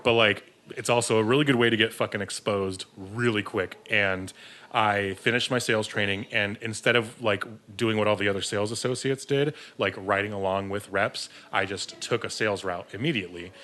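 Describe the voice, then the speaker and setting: Podcast guest: man with a lowish, forceful voice, rambling and profane, self-mocking. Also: fairly quick. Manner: rambling, swears freely, laughs at himself. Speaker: podcast guest, beer distributor sales rep. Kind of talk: casual storytelling.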